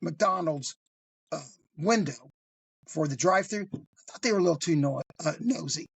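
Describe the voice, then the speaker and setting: A man voicing a laid-back, polite male drug dealer, talking in a casual, easygoing way with a husky voice. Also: a little high, lively intonation, normal speed, dry recording, voice pushed down, full character voice.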